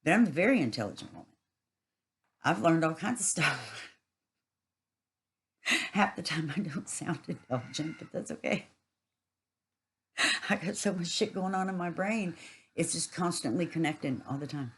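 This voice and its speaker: A woman's voice: sits low, lively intonation, normal speed, long pauses, breathy edge, rough recording. A woman giving a rambling, casual spiritual monologue, earthy and swearing freely.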